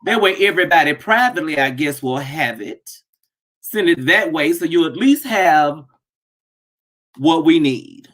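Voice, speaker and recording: A woman hosting a casual live stream from her home office, greeting viewers by name and bursting into excited shouts. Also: low-pitched, unhurried, faint music behind. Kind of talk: casual chat.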